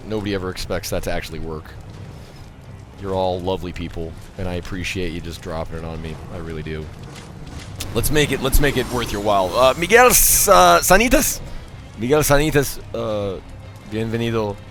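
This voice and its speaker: A man live-streaming a video game, thanking subscribers, joking, and bursting out loudly at the action. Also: deep voice, fairly even intonation, brisk, music in the background. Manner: loud sudden outbursts while playing.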